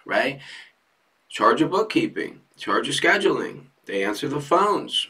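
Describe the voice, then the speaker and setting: A man with a bright, slightly high voice talks energetically about growing a business. He keeps checking in with his listeners after his points. He sounds set back from the mic. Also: measured pace, distant mic. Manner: energetic, repeats "right?" often. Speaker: fence company owner. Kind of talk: motivational business talk.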